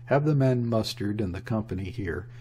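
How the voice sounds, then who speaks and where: A man's voice: lowish voice, animated, normal speed, mellow, slightly rough. A man voicing a polite young naval lieutenant who speaks formally and soothingly. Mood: urging.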